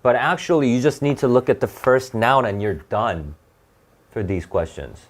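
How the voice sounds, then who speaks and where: A man teaching an SAT class live, talking in a halting, conversational way with frequent restarts and fillers. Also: medium pitch. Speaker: SAT tutor.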